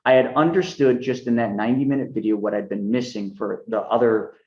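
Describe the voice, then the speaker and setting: A man's voice: mid-range voice, brisk. A man in the middle of his range speaks as a podcast guest, full of energy and throwing himself into retelling conversations. His voice carries a roomy echo, and the sound is a little dull and lo-fi. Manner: energetic, acts out quoted dialogue in a raised voice. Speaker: guest, money mentor. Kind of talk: animated storytelling interview.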